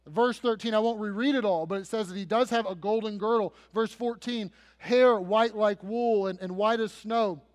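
A man preaching a sermon as pastor, telling the story dramatically, dropping soft and then building to loud emphasis. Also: high voice, normal speed, few pauses. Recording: long reverb of a large hall.

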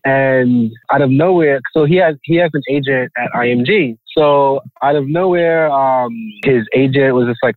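A man in a casual interview, a photographer telling a story in an animated way with lots of fillers and restarts. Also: mid-range voice, normal speed, few pauses, no room sound. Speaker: photographer guest. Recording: tinny phone-like line, dry.

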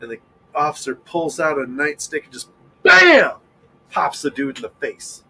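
A man co-hosting a podcast, telling jokes in a playful, animated casual chat. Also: a little high, normal speed, creaky, slight background noise, poor audio. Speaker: podcast co-host.

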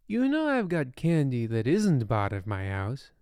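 A man's voice: mid-range voice, wildly swooping pitch, a little slow, darkish tone, clear, resonant tone, no room sound, studio quality. A man voicing a bitter, lonely old witch in a comic storybook reading, with a wry, self-pitying manner. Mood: coaxing.

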